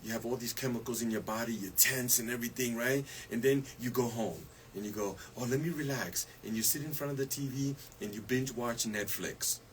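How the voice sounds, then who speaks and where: A man's voice: medium pitch, fairly quick, few pauses, a little hiss or hum, rough recording. Laughing man talking wellness on radio. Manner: laughs often, asks "you see?". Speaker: wellness guest. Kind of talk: casual radio chat.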